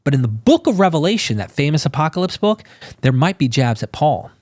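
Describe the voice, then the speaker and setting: A man talking casually as a podcast guest, animated and informal, acting out quotes in exclaiming voices. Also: a little high, brisk, dry recording, studio quality. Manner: casual, swears and says bro.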